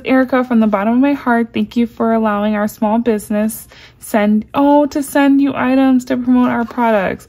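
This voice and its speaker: A woman vlogger unboxes a package in casual chat, gushing with excitement and slowly reading cards aloud. Her voice is a little high.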